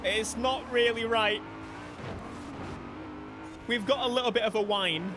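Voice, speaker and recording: A young man, giving animated, jokey live gameplay commentary as a streamer, with sudden bursts of mock outrage. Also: extremely high pitch, unhurried, noisy background. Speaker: gaming streamer.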